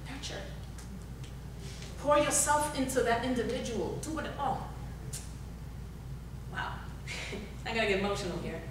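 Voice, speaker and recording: A woman's voice: high-pitched, lively intonation, measured pace, long pauses, background noise. A woman giving a motivational workshop talk, urging her audience with repeated calls and questions, recorded in a large hall. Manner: exhorting, repetitive, asks the audience questions. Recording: echoey hall, speaker far from the recorder.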